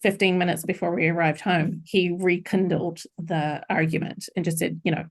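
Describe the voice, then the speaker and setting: A middle-aged woman with a low, gravelly voice recounts a painful chapter of her life as a podcast guest. She talks earnestly and reflectively, in a personal interview tone. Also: fairly even intonation, normal speed, few pauses.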